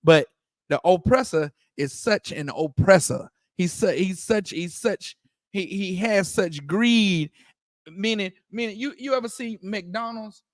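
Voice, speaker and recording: A man with a high voice preaches in loose, casual talk and keeps checking that his listeners follow him. He stumbles and restarts his phrases often. The sound is dry and close to the mic. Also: unhurried, no echo. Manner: repeats "you understand?", stammers on restarts, laughs often. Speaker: teacher leading a religious discussion.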